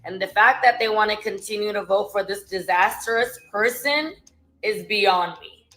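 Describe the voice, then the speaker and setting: A woman's voice: mid-range voice, normal speed, a bit bright. A woman giving dismissive, exasperated political commentary. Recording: echoey room with music under.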